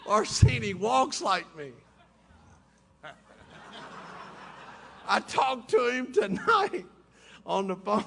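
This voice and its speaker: A man's voice: sits high, wildly swooping pitch, takes it slowly, creaky, pauses often, a bit bright. A middle-aged man, telling his story to a recovery meeting in folksy style with laughing asides, in a hotel conference room. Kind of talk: personal testimony talk.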